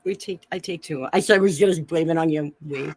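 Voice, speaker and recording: A woman's voice: low-pitched, quick pace, darkish tone, husky, no room sound. Giggly woman with a slight lisp. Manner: giggly, chatty with chat readers. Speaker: live stream co-host. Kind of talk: casual live stream chat. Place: Airbnb room. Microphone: phone.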